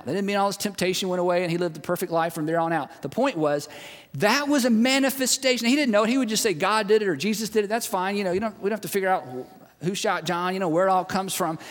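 A man preaching a sermon to a large congregation, telling stories in a relaxed, conversational way and retelling a friend's words. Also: sits high. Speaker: pastor. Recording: long reverb of a large hall.

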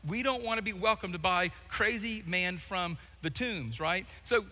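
Male pastor, lively comic storyteller, long hall reverb. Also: sits high, a little slow. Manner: animated storytelling with jokes and acted-out voices. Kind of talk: sermon.

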